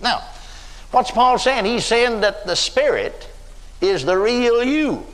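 A man's voice: very high-pitched, sing-song, takes it slowly, a bit bright. An older man preaching a sermon, telling stories in a folksy way and acting out the voices of the people he quotes. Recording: long hall reverb.

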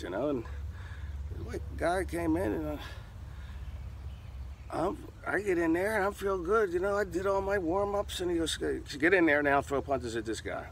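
Gravelly older man telling a story. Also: high voice, a little hiss or hum. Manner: profane, punchy, acts out sound effects. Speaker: interviewee. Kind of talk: animated storytelling.

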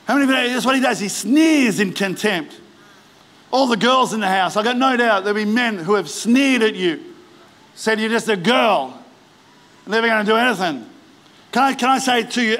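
A male pastor preaching a sermon in a large church, acting out the story's characters and rising to shouted exhortation. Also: high-pitched, moderate pace. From Australia.

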